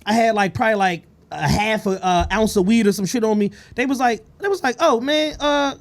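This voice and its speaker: A man in his thirties from Philadelphia with a high-pitched voice, talking casually and profanely on a podcast. He tells loose, laid-back stories and slips into quoted voices for the people in them. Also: brisk. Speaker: podcast co-host. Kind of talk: casual storytelling chat.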